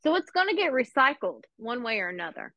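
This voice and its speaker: A woman with a fairly high voice tells rambling stories in casual chat, animated and profane, laughing as she goes. The sound is dry and close, a little dull and lo-fi. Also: brisk, no echo. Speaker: podcast host.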